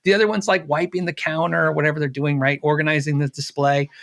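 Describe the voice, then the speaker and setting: A man's voice: on the high side, little pitch movement, fast talker, vocal fry, a bit bright. A middle-aged man, a guest on an interview, telling a personal story casually, acting out the dialogue with fillers and laughs.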